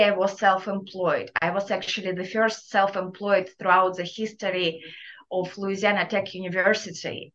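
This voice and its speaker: A woman answering interview questions in a halting way, with restarts and slips in her English grammar. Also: medium pitch, fairly bright tone. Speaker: interview guest, entrepreneur. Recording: dull lo-fi audio.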